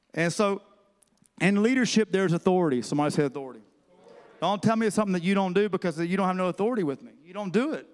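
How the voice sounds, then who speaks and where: Male pastor, high clear voice, conversational preaching in a reverberant church hall. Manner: conversational preaching, calls to the congregation. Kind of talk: sermon. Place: church sanctuary.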